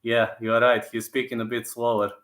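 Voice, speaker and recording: A man's voice: mid-range voice, monotone, normal speed, a bit bright. A man hosting his channel in casual live-stream chat, answering viewers and often repeating himself. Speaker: channel host. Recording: roomy echo.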